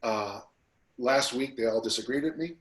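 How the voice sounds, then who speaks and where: A man who is a strength coach, guest on a podcast interview, telling stories in a lively, casual way and acting out the people he quotes. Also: mid-range voice, normal speed. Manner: animated storyteller who acts out quotes. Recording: roomy echo.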